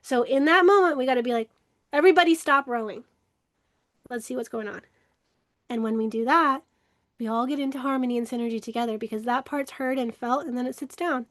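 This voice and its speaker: A woman with a high voice teaches about emotional healing in an earnest, reflective way. She often repeats words for emphasis. The sound is dry and close, with no room echo. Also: fast talker, a bit bright. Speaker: workshop leader in emotional healing. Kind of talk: casual spiritual teaching to camera.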